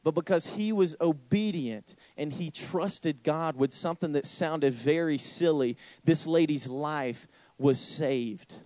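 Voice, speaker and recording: Young man preaching a lively sermon. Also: takes it slowly, few pauses, no room sound. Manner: lively storyteller, sudden high exclamations. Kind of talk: sermon with anecdote.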